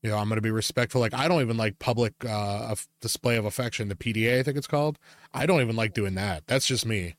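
A man's voice: lowish voice, quick pace, dry recording. A man co-hosting a casual podcast, rambling with plenty of fillers and swearing freely. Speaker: podcast co-host.

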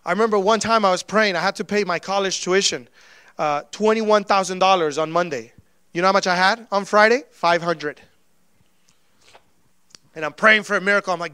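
Pastor guy with a pretty high voice, preaching, acts out all the dialogue in his stories, dry close sound. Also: brisk, smooth, dry recording. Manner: animated storytelling, acting out quoted dialogue. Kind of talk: sermon.

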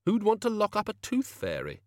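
A man reading an audiobook, voicing a brisk young woman governess who gives orders impatiently. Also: sits high, wildly swooping pitch, darkish tone, dry recording, clean studio sound, pitched above the performer's own voice. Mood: puzzled. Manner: commanding, impatient. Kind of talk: audiobook character voice.

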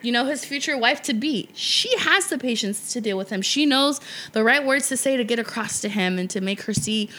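A woman's voice: a little high, expressive, fairly quick, few pauses, sharp tone. A young adult woman chatting casually as a podcast co-host, blunt and swearing freely. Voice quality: blunt, profane, emphatic. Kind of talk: casual chat.

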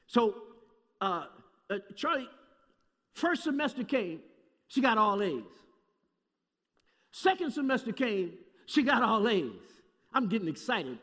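High-pitched guy preaching, folksy and lively, big hall echo. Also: a little slow, pauses often. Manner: folksy, animated, addresses audience by name. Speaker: guest preacher. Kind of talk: sermon storytelling. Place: large hall with live audience. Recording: distant echoey hall recording.

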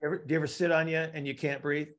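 A man's voice: on the high side, flat delivery, rapid-fire. A man teaching a live class, explaining with analogies and often checking in with "right?". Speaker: instructor.

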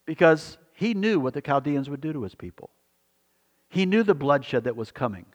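A man's voice: on the high side, very animated, moderate pace, highs cut off. Earnest male pastor preaching in a hall. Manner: earnest, repetitive, asks the congregation questions. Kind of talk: sermon.

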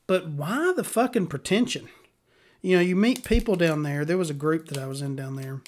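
A woman's voice: low-pitched, moderate pace, darkish tone. A woman from Alabama, telling stories in a blunt, exasperated way and swearing freely. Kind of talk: casual storytelling rant.

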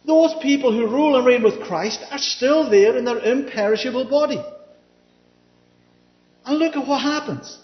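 Male Bible teacher with a high voice, chatty, keeps asking "yeah?", in a roomy room on a dull, lo-fi recording. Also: normal speed, long pauses. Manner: checks in often with a questioning "yeah?"; reads scripture aloud, then explains it.

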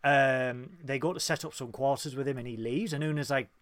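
A man's voice: medium pitch, steady tone, fairly quick, a bit bright, no echo, studio quality. A man with a Northern English accent co-hosting a casual episode review, enthusiastic and jokey. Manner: enthusiastic, jokey, sings snatches badly. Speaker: podcast co-host reviewing episodes.

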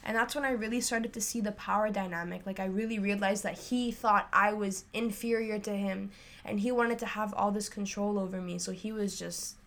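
A woman's voice: mid-range voice, steady tone, a little fast, fairly bright tone. Young woman candidly telling a story. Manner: candid, filler-heavy storytelling. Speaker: podcast host. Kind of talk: casual chat.

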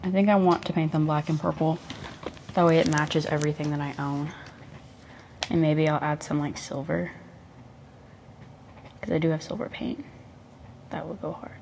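A woman's voice: deep voice, fairly even intonation, normal speed, gravelly, pauses often, a little mellow, slight background noise. A young woman chatting casually in a crafting vlog while painting on her bed, rambling, profane and self-mocking, close to the mic. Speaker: vlogger.

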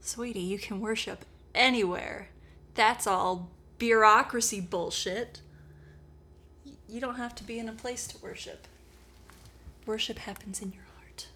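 A woman's voice: fairly high pitch, measured pace, sharp tone, husky, heavily acted. Brief: a woman doing a casual, cheeky Jesus for a comic Bible retelling. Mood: dismissive. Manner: slangy, teasing, casual. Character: laid-back sassy modern-day Jesus, man.

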